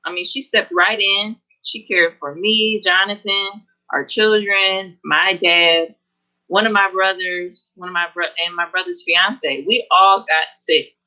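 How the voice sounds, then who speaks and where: Woman, guest, earnest, halting, bright tone, muffled call audio. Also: fairly low pitch, fairly even intonation. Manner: earnest, halting with frequent pauses. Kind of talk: personal testimony in an online interview. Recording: dull lo-fi video call audio.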